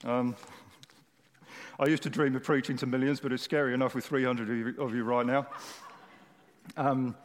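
A man's voice: mid-range voice, little pitch movement, normal speed, pauses often, a little hiss or hum. A man preaching a sermon to a large congregation in a conversational, humorous way. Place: church hall with a large audience. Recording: echoey hall.

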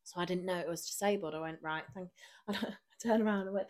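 A woman, co-hosting a podcast and telling a lively anecdote in casual chat. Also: fairly low pitch, fast talker. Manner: animated anecdote-telling with frequent laughter and acted quotes. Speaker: podcast co-host.

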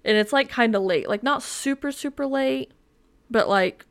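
A woman's voice: on the high side, normal speed, smooth. A woman in her twenties hosting a podcast alone, rambling and self-deprecating with many fillers. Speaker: podcast host. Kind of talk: casual solo chat.

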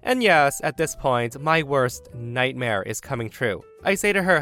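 A man's voice: mid-range voice, sing-song, unhurried, hardly any pauses, sharp tone, soft background music. A man reading a story aloud, telling it with energy and acting out his own panicked lines. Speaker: story narrator.

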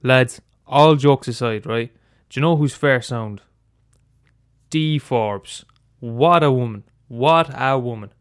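A man's voice: medium pitch, takes it slowly, clear, resonant tone, dry recording. A man giving a rambling, casual comic monologue full of fillers and ironic gushing. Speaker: sketch comedian.

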